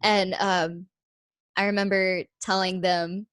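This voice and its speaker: Chatty young woman, excited. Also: mid-range voice, slow, clear, resonant tone, no echo. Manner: excited, chatty, full of fillers. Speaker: guest, stage actress. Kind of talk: casual chat.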